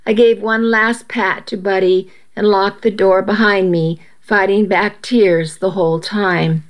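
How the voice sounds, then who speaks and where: A woman narrating a first-person story aloud in a steady, measured way. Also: medium pitch.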